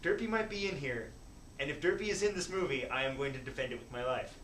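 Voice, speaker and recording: A man talking casually as a guest, animated and laughing often. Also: medium pitch, fast, distant mic, slight background noise. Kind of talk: casual chat. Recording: echoey room, voice from off-mic.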